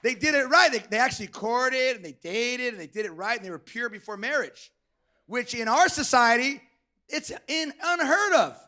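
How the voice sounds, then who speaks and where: A man's voice: very high voice, lively intonation, normal speed. A male pastor preaching a fired-up, joking church sermon and calling for amens. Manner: shouting, joking, calls for amens. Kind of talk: energetic sermon.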